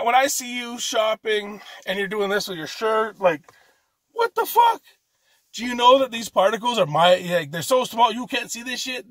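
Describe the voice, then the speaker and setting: Canadian guy doing amateur standup, highish voice, swears a ton, rambles and restarts, dry sound. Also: fairly bright tone, no echo. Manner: profane, rambling rant with frequent restarts. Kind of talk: stand-up comedy set.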